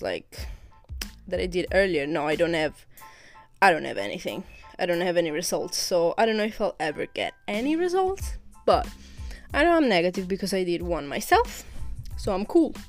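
A woman's voice: lowish voice, expressive, normal speed, soft background music. Chatty Italian-raised young woman podcaster. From Italy. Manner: chatty, rambling, with frequent restarts and laughs. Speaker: podcast host. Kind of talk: casual solo podcast chat.

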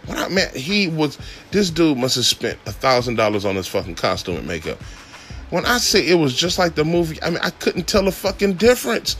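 Casual male storyteller, slightly high voice, profane and laid-back, faint music behind. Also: fairly quick. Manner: profane, laid-back, laughs often, pitch jumps when excited. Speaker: podcast host telling a driving story.

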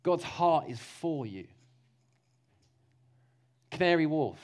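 A man preaching a lively, jokey sermon, slipping into mock voices to make his points. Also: on the high side, slow.

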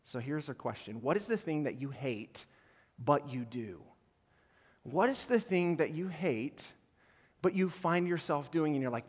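A male pastor delivers a sermon in a high voice, animated and playful, acting out quoted voices and swinging from hushed lines to loud bursts. His voice rings out with a long reverb, as in a large church hall. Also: a little slow. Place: church auditorium.

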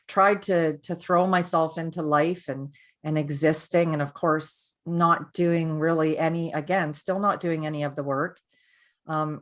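Low-voiced woman telling her story. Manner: candid and earnest, with frequent restarts. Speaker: podcast guest. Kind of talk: personal storytelling in a conversation.

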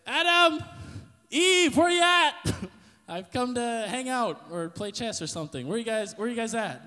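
A man voicing God as a loud, casual, jokey male figure calling out. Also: sits high, animated, normal speed. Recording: long reverb.

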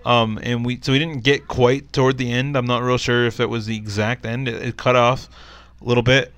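Male co-host, mid pitch, eager reactions, dry close sound. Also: brisk, no echo. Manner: excitable, chiming in with reactions. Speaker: podcast co-host. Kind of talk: casual chat.

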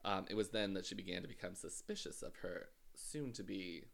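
A man casually telling a true-crime story as a podcast host, halting often with filler sounds. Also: deep voice, gravelly, fairly bright tone.

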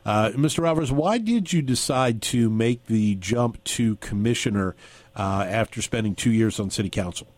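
A man's voice: fairly low pitch, lively intonation, moderate pace, a little mellow, no echo. A man hosting a radio talk show, interviewing a candidate in a conversational way with occasional fillers.

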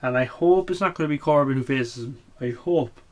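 A man's voice: mid-range voice, fairly quick, darkish tone. A man hosting a casual show recap, blunt and opinionated, swearing often and full of fillers. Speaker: wrestling podcast host.

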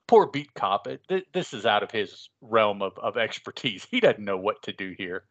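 A man's voice: lowish voice, big pitch swings, moderate pace, muffled recording. A man co-hosting a casual comics podcast, who talks in a rambling way with many restarts. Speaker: podcast co-host.

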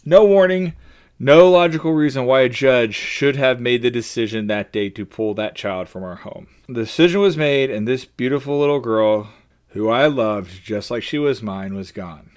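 A man's voice: mid-range voice, normal speed, clear, resonant tone. A man hosting a faith-based podcast, talking in an earnest, personal and openly emotional way. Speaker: podcast host.

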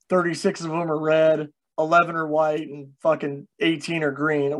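A young man hosting a casual podcast chat, loose and self-mocking, who swears freely. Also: on the high side. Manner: loose, swearing, laughs at himself.

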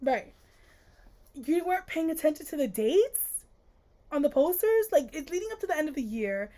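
This woman's voice sits high and moves at a moderate pace. Co-hosting a podcast, she talks about a book in a sassy, animated, casual way, frequently exasperated.

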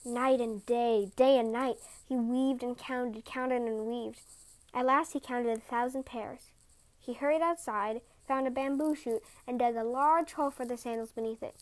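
A woman's voice: on the high side, moderate pace. Woman reading a folktale aloud. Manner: calm, expressive storytelling. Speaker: podcast storyteller.

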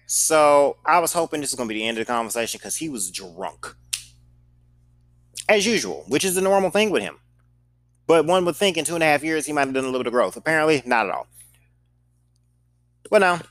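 A man's voice: on the high side, very animated, a little fast, long pauses, fairly bright tone, dry recording. A man with a slight Southern accent telling a casual storytime in a blunt, profane and sarcastic way. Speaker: podcast host telling a story.

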